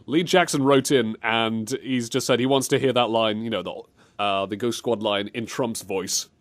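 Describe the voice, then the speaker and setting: A man's voice: medium pitch, steady tone, moderate pace. A man hosting a comedic podcast, laughing a lot and slipping into silly voices. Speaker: show host.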